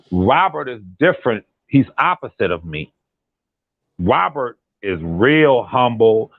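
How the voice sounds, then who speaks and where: A man, a guest on a call-in commentary chat, talking in an animated, repetitive and emphatic way. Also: medium pitch, slow, no room sound. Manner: animated, repetitive and emphatic, drops into imitated quotes. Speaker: guest on a commentary channel, relative of a defendant. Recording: tinny phone line.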